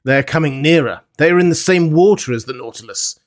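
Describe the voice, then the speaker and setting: A man's voice: a little high, fast, voice pushed up, close to an everyday voice. A man reading the part of a hot-tempered Canadian harpooner, eager and restless in an audiobook. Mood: storytelling.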